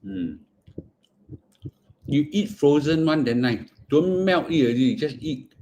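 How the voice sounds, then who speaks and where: A man's voice: a little high, animated, a little slow, mellow, slight background noise. Singaporean man chatting while eating. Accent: Singaporean English. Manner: chatty, mixes Singlish and Mandarin, murmurs while eating. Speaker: finance livestream host. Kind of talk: casual livestream chat.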